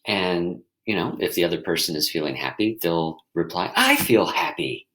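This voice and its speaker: Deep-voiced, unhurried man teaching mindfulness. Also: rough recording. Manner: gentle, unhurried, searching for words with frequent restarts. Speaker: mindfulness teacher and podcast host. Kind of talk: reflective spoken teaching with guided exercises.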